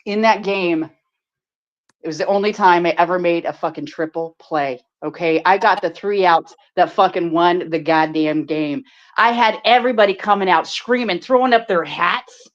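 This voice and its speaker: A woman's voice: lowish voice, moderate pace. A woman hosting a live stream, telling a story in casual chat with lots of laughing and swearing. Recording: dull lo-fi stream audio.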